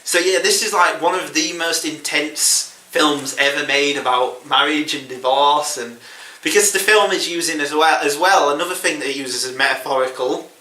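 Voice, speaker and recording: Film podcast host, male, slightly high, rambling chatty delivery with frequent chuckles. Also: moderate pace, bright, forceful tone, roomy sound, distant mic. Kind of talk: casual chat.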